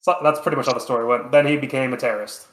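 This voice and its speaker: A man's voice: medium pitch, steady tone, racing, reverberant, low-quality recording. A man co-hosting a podcast, talking casually in a rambling way, full of fillers and casual swearing. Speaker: podcast co-host. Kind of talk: casual chat.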